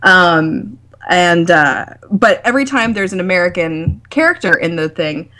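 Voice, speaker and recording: A woman's voice: lowish voice, lively intonation, measured pace, bright, forceful tone. A woman guest on a podcast, chatting casually with frequent ums and dry, teasing remarks. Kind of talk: casual chat.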